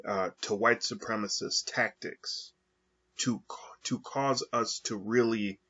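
A man talking through his thoughts alone in a slow, halting monologue with frequent pauses and fillers. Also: lowish voice, steady tone, sharp tone, husky. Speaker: podcast host. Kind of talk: reflective monologue. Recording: dull lo-fi recording.

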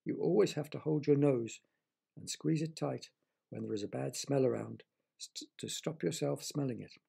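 A man reading a children's story aloud, gently stopping to explain things to young listeners. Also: medium pitch, moderate pace, gravelly, slightly rough.

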